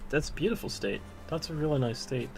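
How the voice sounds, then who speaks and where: A man's voice: mid-range voice, expressive, fairly quick, gravelly, slight background noise. A man hosting a livestream, chatting in a friendly way, laughing often and repeating himself. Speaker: livestream host. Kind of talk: casual livestream chat.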